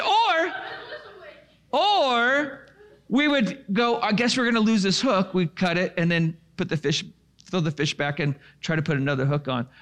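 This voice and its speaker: A man casually telling a rambling story to a live audience, full of restarts and fillers. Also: sits high. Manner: animated and chatty.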